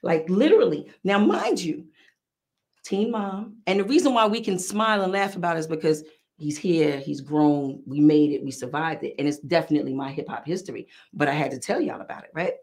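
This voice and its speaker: Gravelly, animated woman telling a story. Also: sits low, brisk. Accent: New York. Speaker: podcast host. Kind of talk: casual storytelling.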